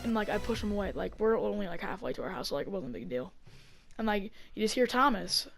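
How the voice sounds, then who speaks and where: A woman telling a story in a casual vlog, rambling with lots of fillers and getting excited as she acts it out on a desk mic. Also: mid-range voice, fast talker, creaky, soft background music. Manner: rambling, heavy on fillers, gets excited acting out the fight. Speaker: vlogger.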